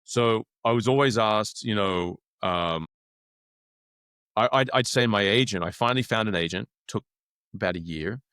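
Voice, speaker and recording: Australian man, 50s, low voice, lively raconteur who plays out every quote. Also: normal speed, smooth, no room sound, clean studio sound. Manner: animated, acts out quoted dialogue. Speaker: actor guest. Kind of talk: casual storytelling.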